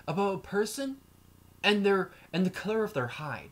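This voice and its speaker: A man's voice: sits high, expressive, moderate pace, fairly bright tone. A man delivering an emotional vlog rant, heated and profane, rambling from point to point. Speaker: YouTuber.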